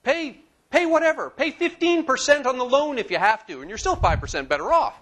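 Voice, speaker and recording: In a lecture hall, a man in his forties gives a lively classroom lecture and puts questions to his audience. His voice is very high-pitched and his delivery brisk.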